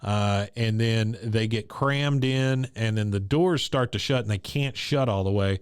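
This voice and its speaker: Man recapping a show, crisp and dry. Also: fairly low pitch, a little slow, dry recording. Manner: animated retelling, laughs often. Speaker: podcast co-host recapping an episode. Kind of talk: casual chat.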